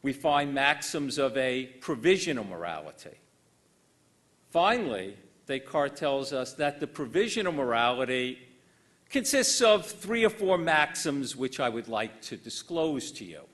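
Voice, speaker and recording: Older male lecturer, animated pitch, dry wit, formal and measured delivery. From United States. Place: lecture hall.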